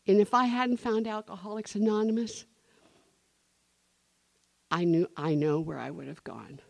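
A woman's voice: medium pitch, unhurried, vocal fry, no echo. A middle-aged woman speaking at a recovery meeting, telling a personal story and acting out the dialogue. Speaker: speaker sharing her story.

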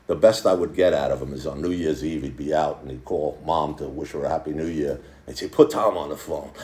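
Low-voiced man in his sixties, roomy echo. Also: darkish tone. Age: 60s. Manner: candid storytelling, halting restarts. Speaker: speaker at a recovery meeting. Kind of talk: personal testimony to a group. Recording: echoey room.

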